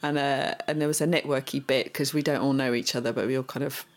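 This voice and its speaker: A woman in casual chat, animated and exasperated, often restarting her sentences. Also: extremely low pitch, quick pace.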